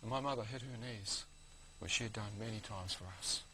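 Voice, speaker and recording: New man, bright voice, vivid storyteller, faint hiss. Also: lowish voice, a little fast, low-quality recording. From New Zealand. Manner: vivid, keeps saying "you know what I mean". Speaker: guest. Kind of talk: testimony storytelling.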